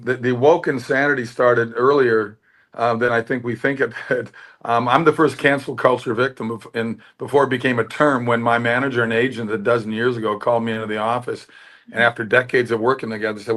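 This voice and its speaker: Brisk and medium-pitched, a middle-aged American actor-producer recounts stories as an interview guest. He is candid and animated, frequently acting out the dialogue he quotes.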